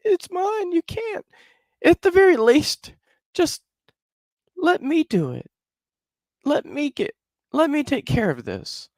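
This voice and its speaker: A man putting on a desperate young mother's falsetto. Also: sing-song, slow, pauses often, no room sound, studio quality, exaggerated voice. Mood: pleading. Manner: pleading in a high falsetto. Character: desperate young mother pleading, grief-stricken woman.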